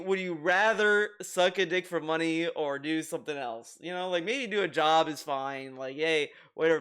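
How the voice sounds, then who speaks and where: A man with a notably high voice talks through a reaction commentary in a loose, casual way. He swears freely, doubles back on his words and restarts sentences mid-thought. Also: a bit bright, clean tone. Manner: rambling, profane, repeats words and restarts often. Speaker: commentary video host.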